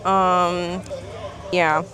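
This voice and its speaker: A woman's voice: lowish voice, level tone, extremely slow, pushed and bright. A woman casually vlogging outdoors on her phone, laughing often and gushing over animals, out of breath from walking. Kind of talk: casual vlog chat. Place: outdoors near a lake. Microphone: phone held while walking.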